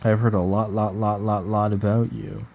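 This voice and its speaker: A man reading aloud and voicing a chirpy homemade robot that stutters in a slow monotone. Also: lowish voice, vocal fry, slight background noise. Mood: glitchy.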